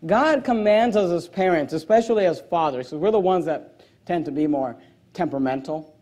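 High-voiced emphatic male preacher. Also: normal speed, darkish tone. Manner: emphatic preaching, reading scripture aloud; joking asides, voice jumping high on punch lines. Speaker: pastor. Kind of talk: sermon.

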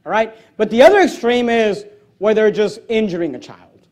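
A male pastor with a high-pitched voice delivers a forceful sermon. He reads scripture aloud with emphasis, and his voice leaps even higher when he cracks a joke. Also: normal speed. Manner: joking asides, voice jumping high on punch lines.

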